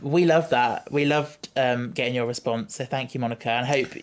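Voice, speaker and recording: A man's voice: medium pitch, normal speed, slight background noise. A man co-hosting a casual podcast, chatting enthusiastically and explaining things at length. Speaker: podcast co-host. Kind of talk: casual chat.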